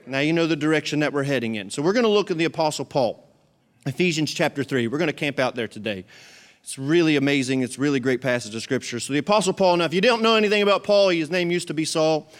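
A man's voice: on the high side, expressive, fast. A male pastor preaching a sermon in a conversational way, repeating his key points for emphasis.

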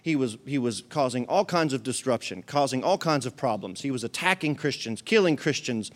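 A man's voice: medium pitch, animated, brisk. A male pastor preaching a sermon in a conversational way, repeating his key points for emphasis.

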